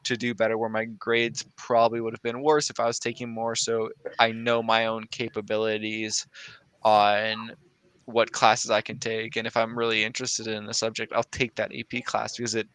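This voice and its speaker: A male teen student talks earnestly on a webinar panel. His voice is smooth and dry, and he keeps an even, steady tone. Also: on the low side, moderate pace, no echo, rough recording. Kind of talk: casual webinar discussion.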